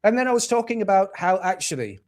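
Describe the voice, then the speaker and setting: Heated, swearing English livestream host. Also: male voice, high voice, sing-song, fast, darkish tone. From England. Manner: blunt, profane, heated. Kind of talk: casual political rant.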